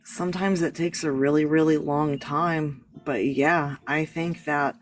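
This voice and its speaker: Slow-talking earnest man. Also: a little high, steady tone, faint music behind, poor audio. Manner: earnest, rambling, self-correcting. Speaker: guest. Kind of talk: casual discussion.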